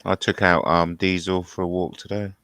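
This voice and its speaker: Deep gravelly man, soft-spoken host. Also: level tone, moderate pace, no room sound. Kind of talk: casual chat.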